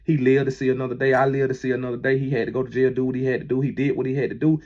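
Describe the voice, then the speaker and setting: A man giving a heated, profane monologue that keeps rising toward a shout. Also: medium pitch, level tone, rapid-fire, highs cut off. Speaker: manager addressing critics. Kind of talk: impassioned monologue.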